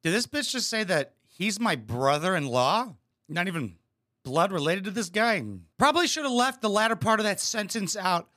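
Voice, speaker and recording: A man riffs through a reaction video with crude, mocking sarcasm. His voice is bright and edgy, and his pitch swings widely as he jeers. He talks in a casual, profane vlog style. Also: lively intonation, normal speed.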